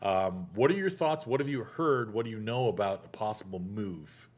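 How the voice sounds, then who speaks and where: A man's voice: on the low side, expressive, normal speed, a little mellow. A man hosting a casual sports chat show, an actor who tells stories animatedly and acts out the quotes. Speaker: podcast host.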